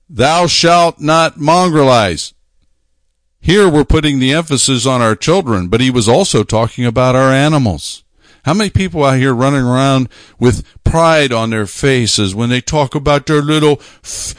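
A man preaching a sermon, talking emphatically, repeating phrases and slowing down to stress his points. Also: a little high, no room sound, clean studio sound.

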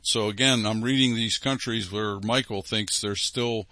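Reading listener letters on his program, a male host comments on them emphatically and keeps repeating key phrases. His voice runs on the low side, pushed and bright, with no room sound.

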